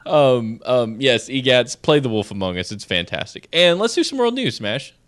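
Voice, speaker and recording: Animated, laughing male stream co-host. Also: mid-range voice, moderate pace. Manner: laughs often while reading, animated. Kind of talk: casual chat and news reading on a stream show.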